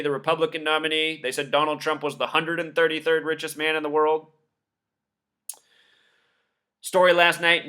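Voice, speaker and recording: A video commentator delivers a scornful, emphatic monologue over news clips, rattling off numbers one after another. His voice is a little high, pushed and bright.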